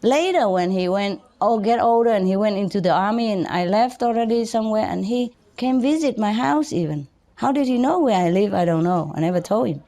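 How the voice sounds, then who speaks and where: A woman from Vietnam, a spiritual teacher telling personal stories to an audience in a halting way, with many restarts and soft chuckles. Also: mid-range voice, lively intonation.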